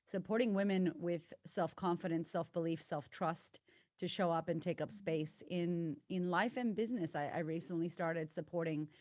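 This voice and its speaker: A woman's voice: on the low side, moderate pace, no echo, clean studio sound. Effusive American woman coach. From United States. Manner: effusive, warm, swearing, bursts of loud excitement. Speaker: confidence coach, podcast guest. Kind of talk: casual podcast interview.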